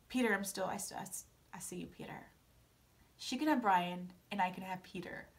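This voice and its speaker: With a mid-range, expressive voice and a brisk pace, a young woman vlogs a casual recap of a reality TV episode. She's chatty and theatrical, dropping dramatic asides and acting out her reactions in playful quotes.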